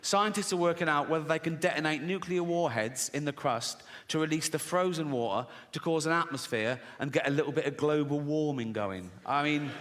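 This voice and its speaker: Sardonic English comedian on a theatre stage. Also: male voice, fairly high pitch, brisk, few pauses, fairly bright tone. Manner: sardonic, mock-innocent, acts out voices in quoted dialogue. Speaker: stand-up comedian. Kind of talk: stand-up comedy set. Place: large theatre stage with audience. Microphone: stage microphone. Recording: long hall reverb, audience noise.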